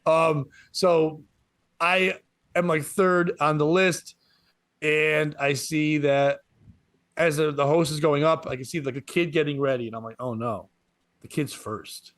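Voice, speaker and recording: A man in his forties, a comedian guest, telling a story in casual podcast chat, getting excited and laughing through it. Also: a little high, measured pace, no room sound, clean studio sound. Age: 40s.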